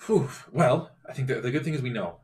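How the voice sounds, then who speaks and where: Animated man playing a tabletop game. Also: mid-range voice, a little fast. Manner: animated, hesitant, self-correcting. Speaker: player.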